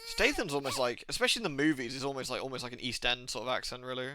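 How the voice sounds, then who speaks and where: Chatty streamer with a Midlands-Southwest accent. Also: male voice, medium pitch, expressive, rapid-fire, noisy background. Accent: mix of Birmingham and Southwest England. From England. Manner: chatty, jokey, laughs often. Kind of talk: casual gaming commentary.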